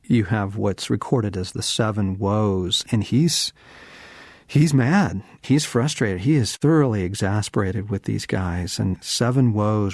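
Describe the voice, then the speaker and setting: Brief: middle-aged male teacher, low voice, earnest and reflective, close dry studio sound. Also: no echo. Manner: earnest, reflective, slows and softens on key phrases. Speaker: Christian author and teacher. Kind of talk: devotional teaching talk.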